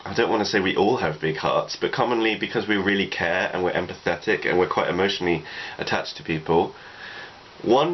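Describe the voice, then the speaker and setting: Young guy, deep voice, rambly advice chat, kinda muffled lo-fi audio with faint hiss. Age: 20s. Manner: rambling, reflective, frequent "you know". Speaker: vlogger. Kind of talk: casual advice monologue. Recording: dull lo-fi recording with faint noise.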